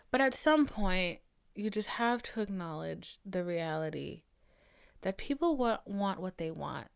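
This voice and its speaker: A young woman hosts her own podcast, ranting bluntly and with open exasperation. She talks at a middle pitch, swears freely and sometimes drops into a whisper. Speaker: podcast host. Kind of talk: casual solo podcast rant.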